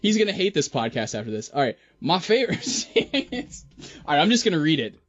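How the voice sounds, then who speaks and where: A man's voice: a little high, big pitch swings, normal speed, a crowd in the background. A man on a podcast as guest co-host, easygoing and a bit self-conscious, laughing things off. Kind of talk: casual podcast chat. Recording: slightly dull lo-fi audio.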